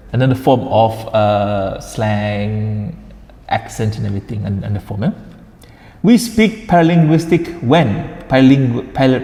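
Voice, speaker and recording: A man's voice: mid-range voice, a little mellow. A man from Sarawak with a Sarawakian Malaysian English accent, giving a chatty classroom lecture and dropping in Malay particles like lah. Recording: echoey room with long reverb.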